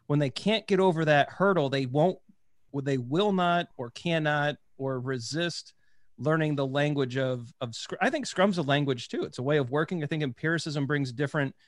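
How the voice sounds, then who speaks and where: A man hosts a casual interview in a fairly high voice, enthusiastic and rambling as he restarts his thoughts. The sound is dry and close, with no room echo. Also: normal speed. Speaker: podcast host.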